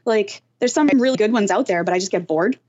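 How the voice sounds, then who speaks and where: A woman guest on a podcast, chatting and laughing in a lively, casual way. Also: mid-range voice, fairly quick. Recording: dull, lo-fi sound.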